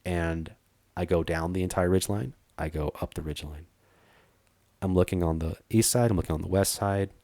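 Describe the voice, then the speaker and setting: A man from Arizona, a treasure hunter guest, telling a story in a casual, animated way and acting out what people said. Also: low voice, normal speed, no room sound. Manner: animated, acts out quoted dialogue, frequent fillers.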